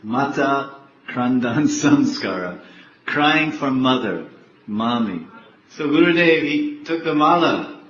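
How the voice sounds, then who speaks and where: An older man, a spiritual teacher, giving a devotional lecture slowly, repeating words and laughing often. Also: medium pitch, animated, fairly bright tone. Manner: slow, repetitive, laughing often. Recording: echoey, dull, faint background noise.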